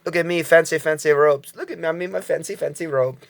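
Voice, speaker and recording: A man putting on the voice of a preening, pompous male aristocrat showing off his fancy robes, in a quick, mocking delivery. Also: a little high, creaky.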